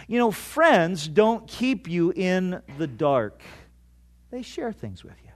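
A man preaching a sermon to a congregation, emphatic, with dramatic pauses and repeated phrases. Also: high voice, very animated. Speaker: pastor.

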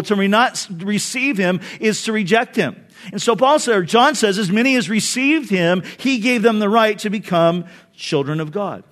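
Preaching a sermon, a male pastor shares a personal story with earnestness. When he recalls memories, he lowers his voice and speaks softly.

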